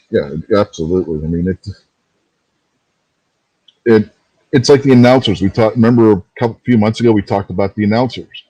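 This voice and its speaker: A man with a lowish, mellow voice co-hosts a casual wrestling chat. He rambles through his thoughts, restarts his sentences and laughs easily. The sound is dry and close. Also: no echo, poor audio. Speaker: podcast co-host.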